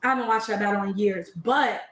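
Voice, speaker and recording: A woman battle rapper being interviewed on a video call, talking in a relaxed, unhurried way with restarts and fillers. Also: mid-range voice, reverberant, poor audio. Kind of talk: casual interview.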